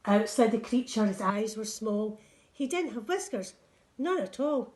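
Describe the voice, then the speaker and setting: A woman nursery teacher reading a picture book to young children in a clear, sing-song read-aloud voice. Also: fairly high pitch, lively intonation, unhurried, darkish tone.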